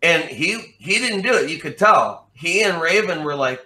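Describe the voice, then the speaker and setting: Bright-voiced man telling a story. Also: a little high, moderate pace, few pauses. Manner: animated storytelling, swears freely. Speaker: interview guest. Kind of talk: casual chat.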